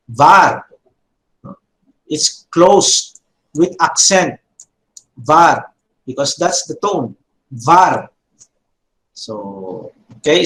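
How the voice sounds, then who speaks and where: A man teaching a Biblical Hebrew grammar class, speaking slowly, repeating terms and checking in with "no?" and "okay?". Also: fairly high pitch, a bit bright, echoey room, low-quality recording.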